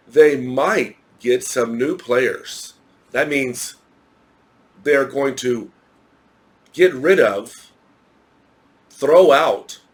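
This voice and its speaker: A man with an American accent teaching an English grammar lesson, explaining step by step and spelling words out letter by letter. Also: medium pitch.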